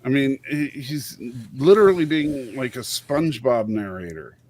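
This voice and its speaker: A middle-aged man co-hosting a casual group chat about a TV show, thoughtful and halting as he makes his points. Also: mid-range voice, lively intonation, darkish tone. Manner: thoughtful, halting, restarts phrases. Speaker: podcast co-host.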